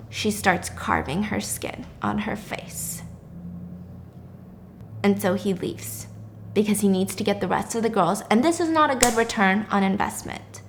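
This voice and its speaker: A woman's voice: medium pitch, slight background noise. A young woman vlogger narrating a story casually, with blunt, emphatic asides.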